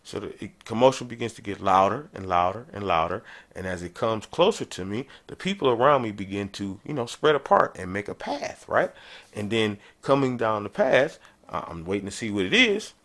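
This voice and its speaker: A man hosting a podcast, telling a travel story in a casual, animated storytelling way. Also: brisk. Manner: animated, conversational, jumps in pitch for emphasis. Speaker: podcast host.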